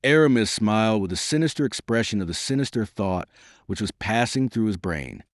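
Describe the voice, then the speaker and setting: Deep-toned man narrating an audiobook. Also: expressive, a little fast, no echo, clean studio sound. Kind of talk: scripted narration.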